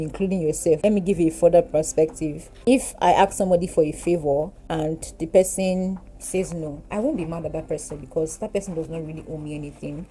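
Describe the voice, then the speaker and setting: A woman in her twenties with a Nigerian English accent, chatting while doing her makeup, animated and giggly. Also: low voice, a little hiss or hum, low-quality recording. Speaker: beauty vlogger. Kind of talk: casual get-ready-with-me chat.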